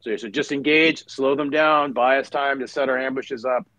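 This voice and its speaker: A man's voice: medium pitch, fairly even intonation, moderate pace, bright, forceful tone, no echo, low-quality recording. A middle-aged man, a retired Marine officer, telling a battle story in casual conversation, full of fillers and restarts.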